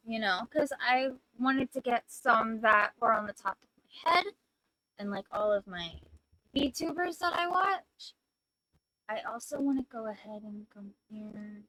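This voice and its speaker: Flustered streamer woman, bright, unhurried. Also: a little high, rough recording. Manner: rambling, flustered and apologetic, with loud outbursts. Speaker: VTuber streamer. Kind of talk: casual live-stream chat.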